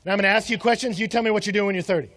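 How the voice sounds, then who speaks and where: Conversational high-voiced man preaching a sermon. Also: rapid-fire, a bit bright. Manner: conversational preaching with acted-out quotes and rhetorical questions. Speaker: pastor.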